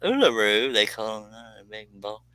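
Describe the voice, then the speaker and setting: Dry-humored man, bright dry voice. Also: lowish voice, sing-song, moderate pace, smooth, no room sound, rough recording. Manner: dry, teasing humor with Southern phrasing. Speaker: live stream host, pattern maker. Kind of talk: casual chat while working.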